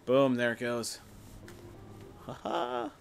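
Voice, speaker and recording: A man's voice: mid-range voice, level tone, takes it slowly, faint music behind. A young man casually commenting on his gameplay, muttering, swearing in frustration, his voice cracking. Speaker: gameplay streamer.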